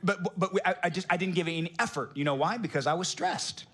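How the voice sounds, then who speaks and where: A middle-aged male pastor delivers a sermon in a somewhat high, slightly bright voice, speaking fast. His style is casual and full of jokes, and he keeps turning to the congregation with rhetorical questions.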